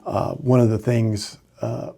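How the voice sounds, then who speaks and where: Mellow-voiced retired lawman in his sixties. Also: medium pitch, little pitch movement, slow, creaky. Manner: candid storytelling with frequent fillers. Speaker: retired sheriff's lieutenant guest. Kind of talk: casual podcast interview.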